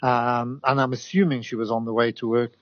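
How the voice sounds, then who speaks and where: Measured man, dry sound. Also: medium pitch, little pitch movement, no room sound. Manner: measured, hesitant, with many ums. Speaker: guest commentator. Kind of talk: conversational radio interview. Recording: dry, dull lo-fi audio.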